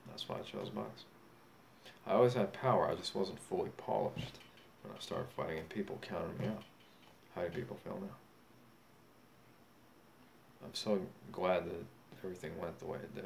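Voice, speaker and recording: A man's voice: deep voice, animated, moderate pace, creaky, pauses often. A young man, boasting and rambling in a profane, drunken monologue. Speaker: self-styled boxing champion vlogger. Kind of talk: casual monologue. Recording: faint background noise.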